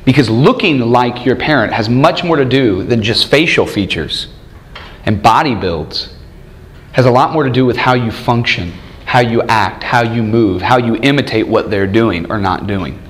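A man's voice: mid-range voice, expressive, moderate pace. A man in his thirties leading a church study group, teaching with many rhetorical questions and frequent chuckles. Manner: chuckles often while telling stories.

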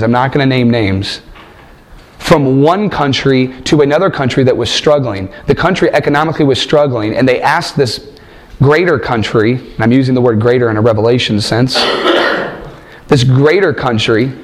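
A man preaching a sermon and reading scripture, emphatic, asking rhetorical questions and repeating phrases for stress. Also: mid-range voice.

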